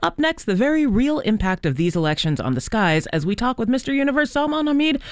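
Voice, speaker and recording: A man reads a show preview as co-host, his voice high and very animated. The sound is dry and close. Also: quick pace, clean tone, dry recording.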